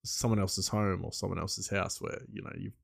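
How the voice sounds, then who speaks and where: A man's voice: low-pitched, little pitch movement, moderate pace, creaky. A man hosting a solo podcast in loose, rambling casual chat with frequent chuckles. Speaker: podcast host.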